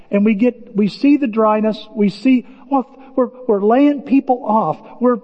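A man's voice: high voice, unhurried, hardly any pauses. Man preaching a sermon in a hall. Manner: animated, conversational, acts out dialogue. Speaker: pastor. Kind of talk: storytelling sermon. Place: church sanctuary. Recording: dull lo-fi church hall recording.

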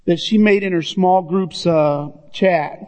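A man's voice: sits high, takes it slowly, darkish tone. A man preaching a sermon as pastor, talking earnestly and straight to the congregation. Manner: earnest, addresses listeners as "guys". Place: church sanctuary. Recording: dull, reverberant hall sound.

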